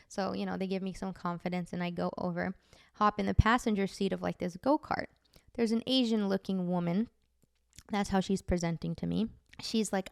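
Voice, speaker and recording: A woman's voice: medium pitch, steady tone, normal speed, vocal fry, smooth, dry recording, clean studio sound. A woman podcast host chattily telling dream stories, full of "like" fillers. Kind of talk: casual storytelling.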